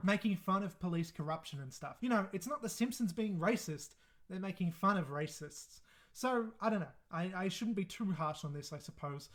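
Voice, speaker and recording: A high-voiced man talking through his ranked list of episodes in a loose, rambling way. He swears freely, hedges his opinions and often apologizes for them. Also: fairly bright tone. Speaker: reviewer ranking episodes. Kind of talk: casual commentary.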